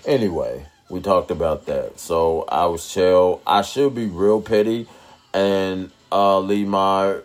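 A man's voice: sits low, slow pace. A man hosting his own podcast, talking casually and loosely with slang and lots of fillers. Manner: laid-back, rambling, with slang and fillers. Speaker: podcast host. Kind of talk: casual solo podcast talk.

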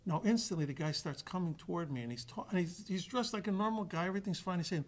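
A man telling a guest anecdote in an animated way, acting out the voices of the other people with frequent restarts. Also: high voice, quick pace. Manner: acts out quoted dialogue with restarts. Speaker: actor guest.

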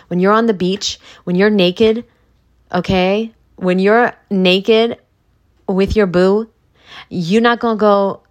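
A woman's voice: mid-range voice, steady tone, slow. A woman hosting a motivational podcast who talks in a blunt, emphatic, profane way. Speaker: podcast host.

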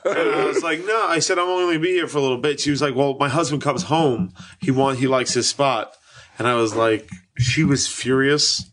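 A man's voice: medium pitch, brisk, fairly bright tone. A man chiming into a casual chat and telling his own parking story.

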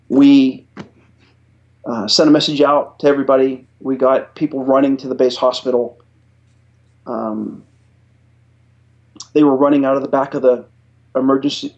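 A man's voice: medium pitch, darkish tone, muffled recording. Earnest middle-aged man recounting a memory. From United States. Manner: earnest, halting, repeats words while recounting. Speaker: podcast guest, retired Air Force chief master sergeant. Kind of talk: personal storytelling in an interview.

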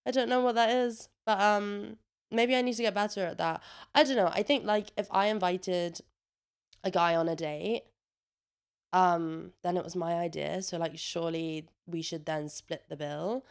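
A woman's voice: lowish voice, steady tone, measured pace, gravelly, clear, resonant tone. A young woman, chatting in a casual vlog, swearing freely and saying "like" a lot, a little congested. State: a bit congested. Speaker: vlogger. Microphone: own microphone with a noise gate.

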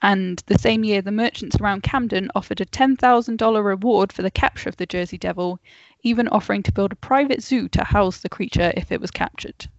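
A woman co-hosting a podcast over a video call, reading facts aloud in a casual, unhurried way and laughing off interruptions. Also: medium pitch, vocal fry, dry recording. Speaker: podcast co-host telling the story. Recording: dull lo-fi call audio.

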